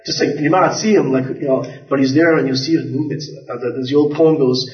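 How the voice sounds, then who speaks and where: Earnest preacher in an echoey church. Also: male voice, mid-range voice, fairly even intonation, fast talker, hardly any pauses. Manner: earnest storytelling preacher, repeats words and restarts. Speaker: pastor. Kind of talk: sermon. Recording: echoey, distant, dull church recording.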